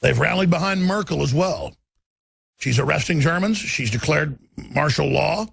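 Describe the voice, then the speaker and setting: A man's voice: a little high, lively intonation, normal speed, creaky, fairly bright tone, breathy edge, dry recording. A middle-aged man, hosting a political talk radio show in an intense, ranting, emphatic way. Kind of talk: political commentary broadcast.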